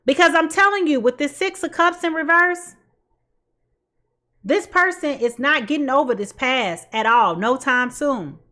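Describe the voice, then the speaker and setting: A woman's voice: high voice, lively intonation, a little slow, sharp tone. A woman giving a casual tarot reading in a blunt, sassy way and laughing at her own jokes. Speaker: tarot reader.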